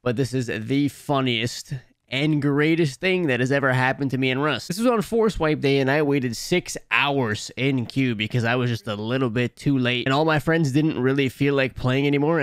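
A man's voice: medium pitch, moderate pace, fairly bright tone, smooth, dry recording. A young man from Canada, a gaming YouTuber giving upbeat casual commentary, swearing freely.

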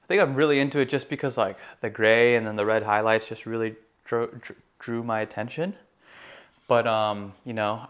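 Laid-back young man rambling about gear. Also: medium pitch. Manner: relaxed, rambling, many fillers. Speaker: gear reviewer. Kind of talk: casual product review.

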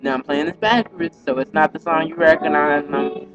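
A man's voice: fairly high pitch, brisk, highs cut off, loud music behind the voice. A man telling a rambling, profane, agitated story in a casual vlog monologue.

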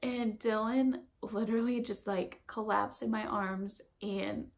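Chatty young woman with slight vocal fry. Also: mid-range voice, fairly even intonation, a little slow. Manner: chatty, lots of fillers, emotional retelling. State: pregnant. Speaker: vlogger. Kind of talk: storytime vlog.

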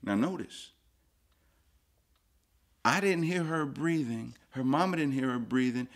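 A man preaching a sermon as pastor, swinging from hushed lines to loud emphatic ones and repeating phrases for emphasis. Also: medium pitch, animated, a little slow.

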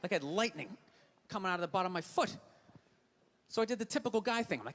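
A male stand-up comedian with a strikingly high voice, telling his story in a ranting, exasperated way. His delivery is profane and heated, built to land jokes on an audience. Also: fast talker, a bit bright.

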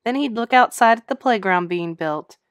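A woman's voice: fairly high pitch, normal speed, smooth, no echo, highs cut off. Teacher lady reading a kids' story aloud, sing-songy and bouncy, dry close mic. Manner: expressive, sing-song storytelling. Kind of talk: children's storybook read-aloud.

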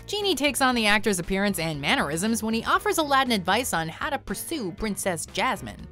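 A woman's voice: medium pitch, brisk, music in the background. A woman narrating a countdown video in an upbeat scripted style. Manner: upbeat, lively list presenting.

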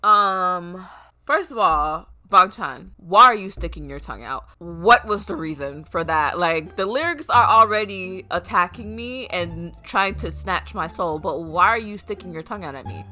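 A young woman reacting to a music video, excitable and dramatic, talking straight to her viewers. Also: on the low side, moderate pace. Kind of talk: casual reaction commentary. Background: faint music.

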